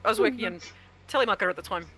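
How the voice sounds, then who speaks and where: A woman's voice: medium pitch, lively intonation, racing, sharp tone, slightly rough. An Australian woman chatting casually on a game stream, telling anecdotes and acting out other people's lines. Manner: chatty storyteller, acts out voices in anecdotes. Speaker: streamer and co-host.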